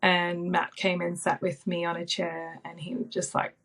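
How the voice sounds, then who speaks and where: Woman, thirties, podcast guest, soft reflective storytelling, lowish voice, vocal fry. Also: monotone, a little slow. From Australia. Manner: soft, reflective, with frequent ums and likes. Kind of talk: personal storytelling in an interview.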